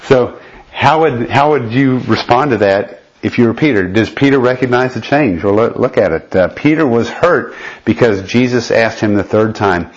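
A man's voice: mid-range voice, animated, moderate pace. A man leading a conversational Bible study lesson, explaining step by step and often checking in with his listeners. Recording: dull lo-fi recording.

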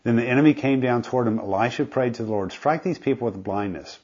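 A man's voice: mid-range voice, fast, a little mellow, husky. A man teaching a Bible study, reading scripture aloud and explaining it in a casual, conversational way. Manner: frequent fillers and restarts, conversational. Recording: dull lo-fi recording.

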